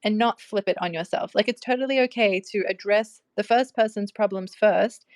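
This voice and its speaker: A woman's voice: medium pitch, normal speed, no echo. A young woman talking casually about relationships, chatty, with many fillers and frequent laughs. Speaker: host. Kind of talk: casual advice talk.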